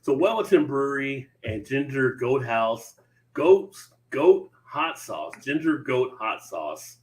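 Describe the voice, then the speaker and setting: A man's voice: mid-range voice, sing-song, takes it slowly, rough recording. A man from New Jersey hosting a casual beer live stream, joking around and reading out beer news. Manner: laid-back, joking, reads beer news aloud. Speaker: beer show host.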